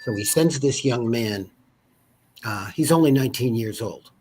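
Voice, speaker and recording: A man's voice: medium pitch, expressive, moderate pace, darkish tone, a little hiss or hum. A man in his fifties with a Boston accent, a guest telling a rambling, digressive history story in casual conversation. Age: 50s.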